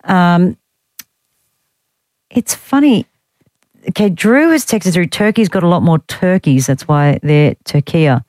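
A woman's voice: on the low side, expressive, takes it slowly, pauses often, darkish tone, no echo. Chatty Australian woman radio host. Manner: chatty, wry and teasing, reads out listener texts. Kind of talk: casual talkback radio chat. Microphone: studio microphone.

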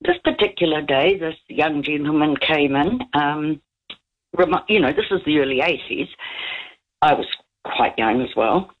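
A woman's voice: low-pitched, normal speed. Giggly older New woman caller. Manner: giggly, rambling, chatty. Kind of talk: call-in story telling. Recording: dull lo-fi radio call line.

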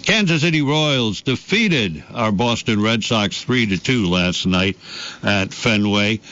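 Folksy low-voiced radio sports man. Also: animated, takes it slowly, a bit bright. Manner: folksy, rambling, many fillers and asides. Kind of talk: morning radio sports report. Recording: dull lo-fi broadcast.

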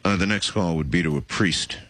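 A man's voice: sits low, brisk, background noise. A man hosting a radio interview, asking probing, skeptical questions. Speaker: radio host.

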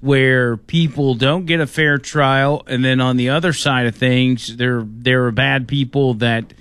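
A male radio host speaks at a middle pitch in a dry, close studio sound. He weighs his words and often stops to restart a phrase. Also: fairly even intonation, fairly bright tone, clear, resonant tone, no room sound. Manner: measured, halting, with many restarts. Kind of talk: radio talk commentary.

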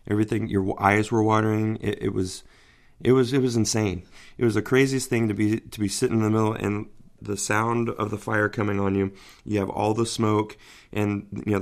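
A man, describing what he witnessed in a plain-spoken way, searching for words. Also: on the low side. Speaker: wildfire witness. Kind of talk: recorded oral history interview.

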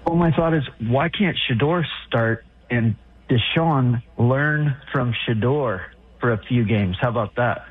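A man's voice: medium pitch, unhurried, slightly rough. A man calling into a sports radio show, talking hesitantly with lots of fillers. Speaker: caller. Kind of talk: call-in radio talk. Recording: phone line.

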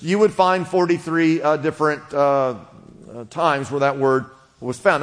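Man, pastor, sermon, somewhat high voice, reverberant church hall, conversational teaching, call-and-response. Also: fairly even intonation, measured pace.

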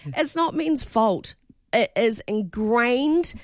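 A woman's voice: a little high, expressive, takes it slowly, dry recording, studio quality. A woman co-hosting a breakfast radio show, chatting casually and laughing easily.

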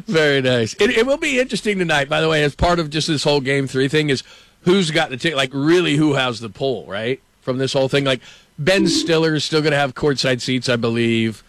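A man's voice: on the high side, animated, a little fast, a bit bright, dry recording. A man hosting a sports radio show, telling loose anecdotes with many fillers and frequent laughs into a studio microphone. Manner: rambling, laughs often, many "like"s. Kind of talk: casual studio banter and anecdotes.

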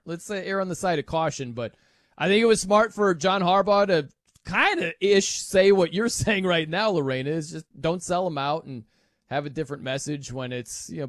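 Brief: male sports radio host, high voice, dry studio sound, chatty and animated. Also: dry recording. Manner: chatty, animated, laughs often. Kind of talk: casual sports talk radio.

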